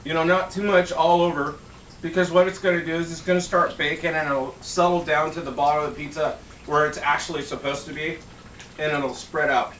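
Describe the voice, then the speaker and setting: A man's voice: a little high, little pitch movement, brisk, fairly bright tone, highs cut off, slight background noise. A man giving a casual cooking demo in his home kitchen, joking around and swearing freely. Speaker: home cook. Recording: echoey room, mic at a distance.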